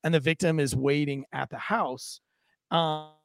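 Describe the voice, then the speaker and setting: A man's voice: a little high, fairly even intonation, a little slow, vocal fry, dry recording. A man co-hosting a podcast, telling a story casually and animatedly, acting out quotes with lots of fillers. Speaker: podcast co-host, former police officer.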